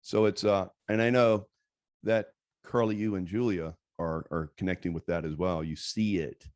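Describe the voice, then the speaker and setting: A man hosting a casual talk, asking his guest relaxed, encouraging questions. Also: low voice, moderate pace, dry recording, clean studio sound. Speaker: host. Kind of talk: casual chat.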